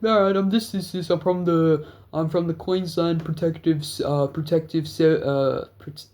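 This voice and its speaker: A man voicing a stern, loud male security officer. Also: fairly high pitch, steady tone, moderate pace, pitched above the performer's own voice, close to an everyday voice.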